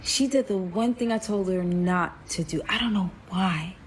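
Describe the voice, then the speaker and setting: A woman's voice: mid-range voice, normal speed, a little hiss or hum. Woman telling a story animatedly. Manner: animated, acts out quotes, frequent "like". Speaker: storyteller guest. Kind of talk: casual personal storytelling.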